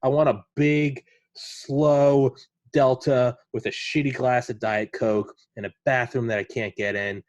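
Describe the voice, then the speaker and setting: A man's voice: mid-range voice, flat delivery, measured pace, no echo. A man hosting a podcast, talking casually and rambling, swearing often and retelling stories in quoted voices. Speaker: podcast host.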